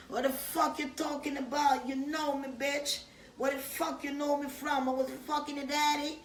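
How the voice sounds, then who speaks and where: A woman delivering a loud, profane rant in loose rhymes, half rapping and laughing between lines. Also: sits high, little pitch movement, normal speed, echoey room, distant mic, a little hiss or hum. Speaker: vlogger. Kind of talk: profane rhyming rant to camera.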